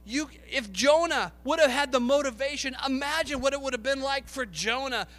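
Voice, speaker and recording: A man preaching a sermon with passion, rising to shouts and acting out the voices of biblical figures. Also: very high voice, moderate pace, big-room sound.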